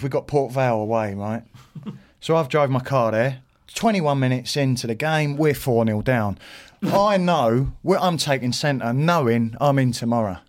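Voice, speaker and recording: A middle-aged man, a podcast guest, telling an animated anecdote in a casual way, swearing and acting out what others said. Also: mid-range voice.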